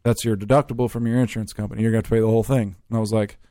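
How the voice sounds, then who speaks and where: A man's voice: lowish voice, little pitch movement, very fast, mellow, no echo, clean studio sound. A man hosting a podcast in casual chat, telling stories animatedly and swearing freely. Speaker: podcast host.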